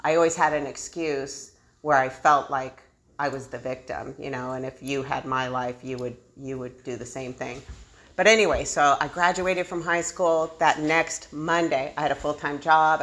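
A woman with a low, slightly bright voice candidly shares her own recovery story. She is self-deprecating and laughs often as she tells it.

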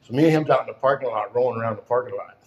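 A man in his sixties telling a personal story in a halting way, full of "and, uh", often sinking almost to a whisper. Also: mid-range voice, a little mellow, highs cut off. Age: 60s. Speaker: storyteller recounting his past. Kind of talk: personal testimony.

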